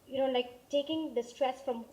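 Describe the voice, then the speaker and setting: A woman in her forties on a discussion panel, telling a personal story in a lively way with acted-out quotes, speaking into a handheld mic. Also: sits high, normal speed. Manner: animated storyteller, acts out quotes. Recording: dull lo-fi panel recording.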